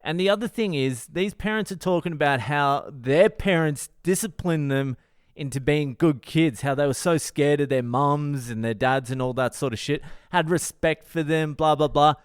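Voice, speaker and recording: A man's voice: on the high side, normal speed, smooth, dry recording, clean studio sound. A man hosting his own podcast, telling a story in a profane, exasperated way. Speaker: comedian podcast host. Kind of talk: solo storytelling monologue.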